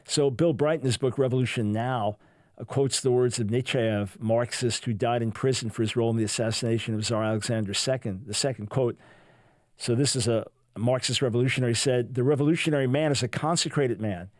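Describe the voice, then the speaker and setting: A man's voice: mid-range voice, a little fast, no echo. A man hosting a talk radio show, delivering a sarcastic, mocking monologue in a studio. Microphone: studio microphone.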